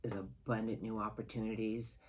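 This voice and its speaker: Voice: medium pitch, level tone, fairly quick, darkish tone. A tarot card reader giving a monthly horoscope reading in an earnest, heartfelt, rambling way.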